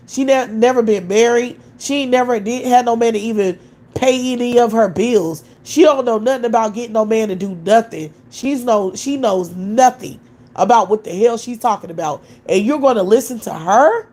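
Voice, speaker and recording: A woman's voice: a little high, a little mellow. A woman hosting a livestream, ranting in blunt, profane commentary and firing off scornful rhetorical questions. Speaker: livestream host.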